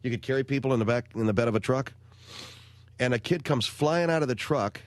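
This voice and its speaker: 40s guy doing a radio talk show, rambly wry stories, normal pitch, dead dry studio mic. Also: a little fast, dry recording. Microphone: close studio microphone.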